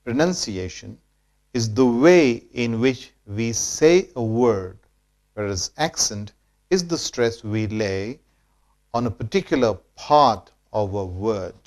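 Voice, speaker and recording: Male English teacher, Indian accent, very slow, methodical lecture delivery. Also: medium pitch, expressive, a little mellow. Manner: repeats key phrases, measured and didactic.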